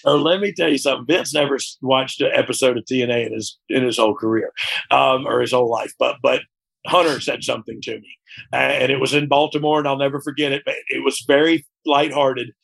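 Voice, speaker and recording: Gravelly, husky man speaking frankly. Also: medium pitch, fairly even intonation, quick pace, a bit bright. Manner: frank and reflective, often asks "you know what I mean?". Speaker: interview guest, former wrestler. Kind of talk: candid conversational interview.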